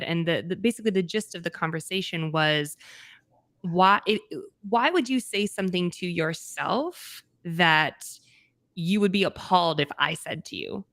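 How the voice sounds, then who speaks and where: Frank low-voiced woman podcast host. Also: fairly bright tone, dry recording. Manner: frank and casual, swears, emphatic. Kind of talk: casual podcast interview.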